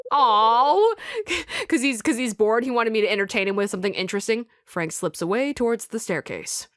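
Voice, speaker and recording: A playful woman chats over her gameplay in a bright, bouncy voice, giggling between reactions. Her pitch swings up and down with every reaction. Game music plays clearly behind her. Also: expressive, normal speed. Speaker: let's play host. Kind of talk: casual gameplay commentary.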